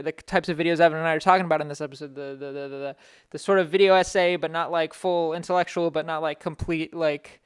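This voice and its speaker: A man's voice: on the high side, smooth, no room sound, clean studio sound. A young man hosting a podcast in casual chat, rambling with frequent restarts and self-interruptions. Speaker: podcast host.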